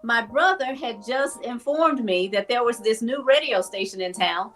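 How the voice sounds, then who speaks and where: A woman guest telling a story in a casual interview, animated and laughing, acting out the voices of people she quotes. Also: a little high, moderate pace.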